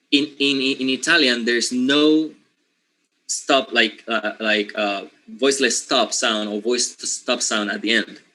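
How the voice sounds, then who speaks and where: A man's voice: medium pitch, bright, forceful tone, rough recording. A man whose first language is Spanish, teaching phonetics to a class, asking questions and repeating words for emphasis. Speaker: linguistics teacher. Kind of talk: classroom lecture.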